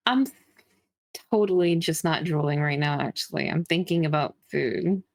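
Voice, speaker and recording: A woman in casual chat on a stream call, giggly and animated, swearing freely. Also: sits low, normal speed, no echo, clean studio sound.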